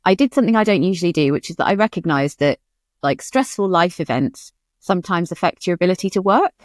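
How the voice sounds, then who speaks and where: A woman's voice: lowish voice, animated, fast talker, no echo, clean studio sound. A woman co-hosting a writing podcast in casual chat, candid and chatty. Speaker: podcast co-host.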